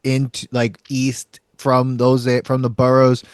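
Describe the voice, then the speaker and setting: A man's voice: mid-range voice, monotone, a little slow, smooth, no echo, clean studio sound. A man from Long Island with a Long Island New York accent, co-hosting a podcast in casual chat, laughing often and saying "like" a lot. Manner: chatty, laughs often, lots of "like" and "you know". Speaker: podcast co-host.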